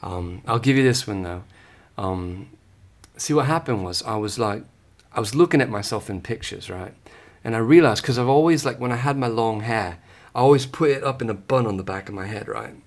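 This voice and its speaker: A man's voice: lowish voice, a little fast, lightly acted. A man putting on a British accent as a bit, chatting and poking fun at himself. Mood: playful. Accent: put-on British. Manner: chatty, self-mocking, laughing between lines. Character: American man in a joking put-on British accent. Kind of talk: casual podcast chat.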